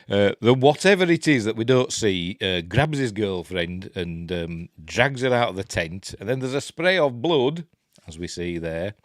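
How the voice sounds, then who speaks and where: A man's voice: lowish voice, animated, unhurried, no room sound, clean studio sound. A man with a Yorkshire accent rambling casually through a live film commentary from his webcam. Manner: rambling, chatty, self-interrupting. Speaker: host.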